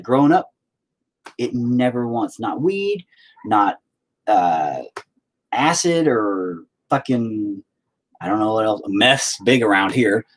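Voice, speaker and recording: A man's voice: mid-range voice, husky, rough recording. A man talking casually and bluntly in a rambling monologue, swearing freely as a podcast host.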